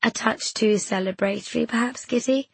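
A woman's voice: a little high, animated, unhurried, husky, no echo, heavily acted. A woman voicing a kindly, hesitant choirwoman. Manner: gentle, hesitant, then decisive. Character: kindly fussy middle-aged village choirwoman. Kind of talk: audiobook character voice.

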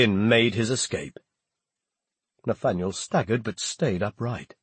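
A man's voice: fairly low pitch, a little slow, long pauses, breathy edge, no room sound. A man reading an audiobook, narrating expressively. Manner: expressive storytelling. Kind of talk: scripted narration.

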